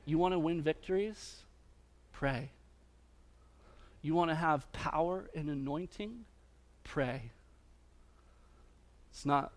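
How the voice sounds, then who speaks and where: A man preaching a sermon as a pastor, using repeated refrains and swinging between loud emphatic lines and hushed quiet ones. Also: fairly high pitch, slow, long pauses.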